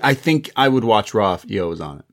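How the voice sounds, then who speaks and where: A man co-hosting a casual wrestling review podcast, animated and acting out quotes in mocking voices. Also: on the low side, brisk. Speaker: podcast co-host.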